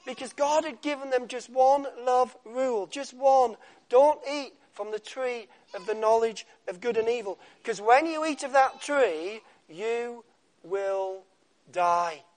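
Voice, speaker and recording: Slow, dramatic male preacher. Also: very high-pitched. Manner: dramatic pauses, drops to a soft hush on key words. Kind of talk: sermon.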